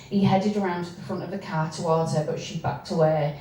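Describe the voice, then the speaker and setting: A woman reading from her own novel, with hesitant spoken asides between steady passages. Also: fairly low pitch, fairly quick, few pauses. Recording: echoey room, distant mic, faint noise.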